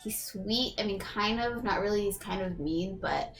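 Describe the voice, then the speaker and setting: A woman co-hosting a podcast who chats in a relaxed, slangy way, with many fillers and easy laughter. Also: mid-range voice, normal speed, soft background music. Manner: relaxed and chatty, with slangy asides and frequent fillers. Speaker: podcast co-host. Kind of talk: casual podcast chat.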